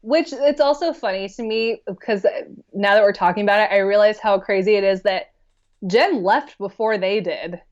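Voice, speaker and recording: A woman discussing a movie on a podcast, easygoing and conversational, often pausing to think mid-sentence. Her mid-pitched voice comes through a slightly dull, lo-fi recording. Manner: relaxed, thinks aloud with fillers and laughs. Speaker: podcast guest. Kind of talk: casual film discussion.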